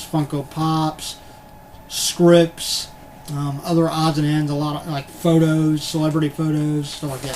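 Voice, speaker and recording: A casual man talks to his webcam in a loose, meandering way, full of fillers and the occasional swear. His voice sits a little high for a man. A faint hum of room noise runs beneath the recording. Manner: rambling, filler-heavy, mildly profane. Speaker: unboxing vlogger. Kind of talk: casual rambling unboxing chat. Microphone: computer webcam.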